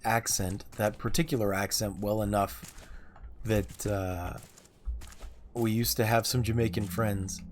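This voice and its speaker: A man's voice: lowish voice, level tone, a little slow, background noise. A man in his thirties chatting casually and rambling while livestreaming a game, chuckling often. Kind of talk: casual chat while gaming.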